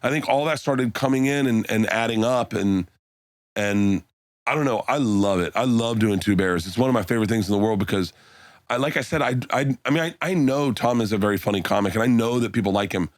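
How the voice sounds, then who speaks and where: A comedian telling stories in a casual podcast chat, acting out quotes and laughing loudly. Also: male voice, lowish voice, fairly quick, no room sound, studio quality. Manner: animated storyteller, acts out quotes, laughs loudly.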